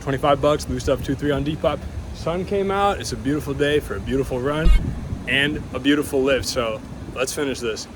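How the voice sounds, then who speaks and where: A man's voice: mid-range voice, a little fast, background noise. A young man talks straight to his phone camera at home in a loose, rambling way. He jokes at his own expense and wanders off on tangents. It is casual, unscripted vlog chatter. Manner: rambling, jokey, self-deprecating. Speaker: fitness vlogger.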